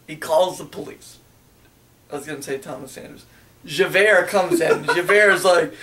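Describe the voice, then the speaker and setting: A man's voice: fairly high pitch, steady tone, moderate pace, pushed and bright, recorded from a distance. A young man crudely retelling a story in casual chat, rambling and sometimes mimicking the characters.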